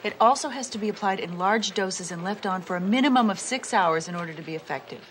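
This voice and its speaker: An actress playing a sensible police detective who explains things in a matter-of-fact way. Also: female voice, mid-range voice, fast talker, fairly bright tone, slight background noise, natural voice. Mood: explaining. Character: sensible, level-headed female cop.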